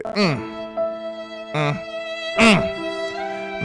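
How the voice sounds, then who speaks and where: A man hosting a casual sports talk vlog, animated and emphatic, full of rhetorical questions. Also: a little high, moderate pace, smooth, faint music behind. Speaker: sports channel host.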